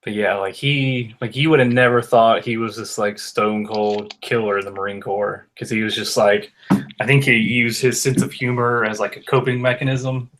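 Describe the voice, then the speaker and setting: A man's voice: lowish voice, fairly even intonation, moderate pace, fairly bright tone, slight background noise, poor audio. A man telling a long story in a rambling casual chat, often saying "like". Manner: rambling, heavy on "like".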